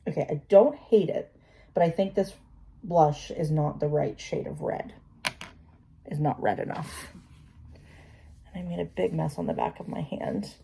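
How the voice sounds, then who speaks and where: A woman's voice: low-pitched, unhurried, vocal fry, pauses often, dark tone, slightly rough. A woman vlogging as she does her makeup, chatty and talking to herself with self-deprecating asides. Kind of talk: casual talk while doing makeup.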